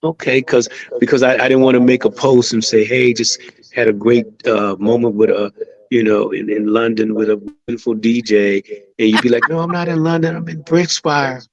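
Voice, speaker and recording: A man's voice: lowish voice, little pitch movement, normal speed, muffled recording. An American man, a musician guest on a radio show, talking in an easygoing, chatty way with many fillers. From United States. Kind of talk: casual radio interview.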